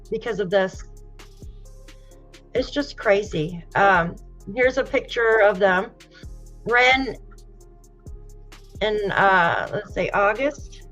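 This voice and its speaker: This true crime streamer speaks slowly in a mid-range, slightly bright voice, pausing often as she reads posts aloud and greets her chat. Emotional and sighing, she seems near tears while chatting casually with viewers. Faint music sits under the dull, lo-fi stream sound.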